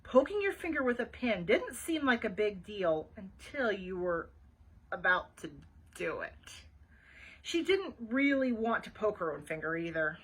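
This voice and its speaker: A woman librarian reads a children's chapter book aloud with a very lively, bouncing delivery. Her voice is bright and a little breathy, pitched somewhat high. She breaks off now and then for chatty asides to young listeners. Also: normal speed, poor audio.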